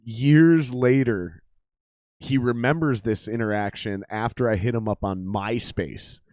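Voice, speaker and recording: A man's voice: mid-range voice, measured pace, a little mellow, no echo. Profane laughing male host. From Minnesota. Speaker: podcast host. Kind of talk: casual live-stream banter.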